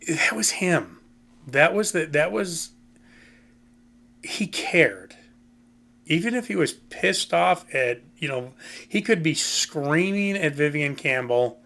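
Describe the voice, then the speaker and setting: A man's voice: mid-range voice, pushed and bright. A man hosting a casual music commentary, talking in a rambling, opinionated way and often saying "you know" and "um". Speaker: host.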